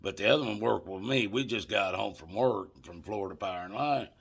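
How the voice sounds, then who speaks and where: A man's voice: on the low side, brisk, creaky, fairly bright tone, slightly rough. An older man telling a rambling, profane story straight to his listeners, calling them folks. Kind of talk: casual anecdote told to viewers.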